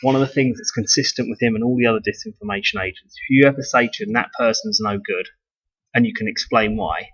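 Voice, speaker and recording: Speaking quickly and expressively, this UK man has a mid-range, creaky voice that's a bit bright and slightly rough. He's a video blogger in a casual, rambling monologue, cursing and starting sentences over. The audio is dull and lo-fi.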